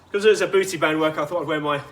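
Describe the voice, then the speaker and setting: Male fitness coach, higher voice, chatty instructive delivery with asides, outdoor take with light ambience. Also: rapid-fire, a little hiss or hum. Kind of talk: guided workout instruction.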